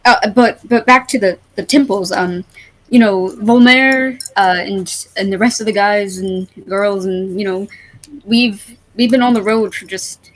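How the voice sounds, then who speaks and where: A woman's voice: medium pitch, measured pace, close to an everyday voice, rough recording. A woman voicing a skinny, jittery young male priest who is flustered and forgetful, stammering and apologizing as he talks. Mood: nervous.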